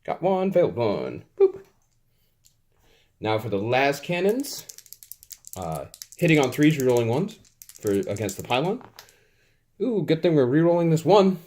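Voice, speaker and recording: A man's voice: medium pitch, big pitch swings, moderate pace, long pauses, a little mellow. A man playing a tabletop wargame, narrating his dice rolls in a casual, playfully exasperated way, with little sound effects as he rolls. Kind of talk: casual play-by-play of a tabletop game.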